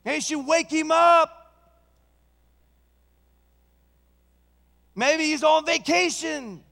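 A man's voice: medium pitch, wildly swooping pitch, slow pace, breathy edge, pitched below the performer's own voice, heavily acted. A man voicing a bold, commanding prophet. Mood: taunting. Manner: taunting and commanding. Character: bold male prophet, mocking then commanding. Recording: long church hall reverb, slightly distant.

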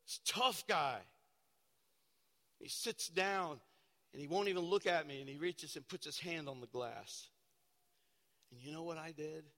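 Pastor, male, bright and fairly high voice, dramatic preaching style, long hall reverb. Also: a little slow, pauses often. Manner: dramatic storytelling, shifting from loud to hushed. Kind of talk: sermon.

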